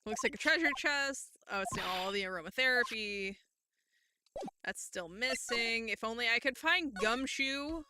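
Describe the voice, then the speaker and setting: A woman's voice: a little high, animated, unhurried, noisy background. A young woman streamer musing aloud in casual commentary while playing a mystery game.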